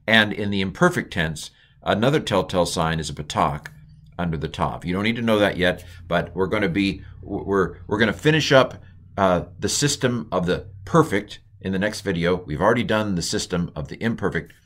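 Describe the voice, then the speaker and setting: A man teaching a casual recorded lesson, thinking aloud with fillers and restarts, slowing down to sound out foreign words. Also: sits low, a bit bright. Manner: slows and stretches words when pronouncing Hebrew. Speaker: Hebrew teacher. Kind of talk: informal recorded language lesson.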